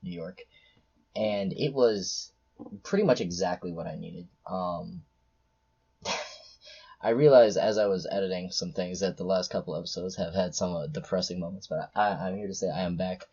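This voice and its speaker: A man's voice: sits low, normal speed, darkish tone, breathy edge, muffled recording. A young man hosting a casual podcast chat, rambling and jokey with lots of fillers, over a call. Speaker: podcast host.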